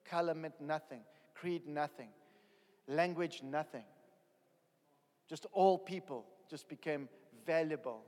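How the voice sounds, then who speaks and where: A man in his fifties from South Africa, telling his testimony as a preacher in a storytelling sermon that rises to loud excited bursts. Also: a little high. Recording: long hall reverb.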